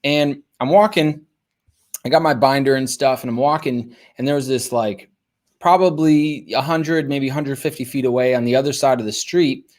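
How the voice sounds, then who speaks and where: A young man hosts a podcast and tells a story in a loose, casual way. He talks in an animated manner and fills his speech with "like" and "you know". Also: mid-range voice, moderate pace. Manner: casual, animated, lots of fillers. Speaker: podcast host.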